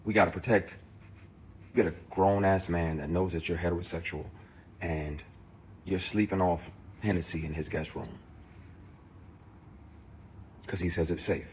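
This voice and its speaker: Man, very low voice, intense straight-to-camera rant, salty and emphatic. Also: fairly even intonation, moderate pace, pauses often, a little mellow, a little hiss or hum. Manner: emphatic, profane, heated storytelling. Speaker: actor. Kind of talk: impassioned direct-to-camera rant.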